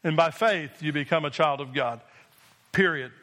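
A male pastor delivering a sermon to his congregation, his voice pitched high for a man. He preaches with firm, emphatic repetition and keeps checking in with the room. The tone is bright and ringing. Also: normal speed. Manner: emphatic preaching with repeated call-and-response "Amen?".

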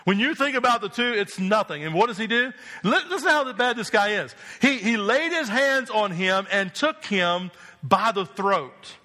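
A man's voice: high-pitched, lively intonation, normal speed, pushed and bright. A man from New Jersey preaching a sermon as pastor, emphatic and asking the congregation rhetorical questions.

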